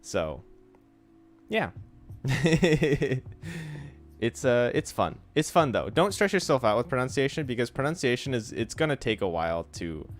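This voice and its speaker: A man streaming a casual Japanese study session, talking in a relaxed, chatty way and sounding out pronunciation examples aloud. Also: mid-range voice, unhurried, long pauses. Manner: frequent fillers like "like" and "so". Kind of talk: casual instructional livestream.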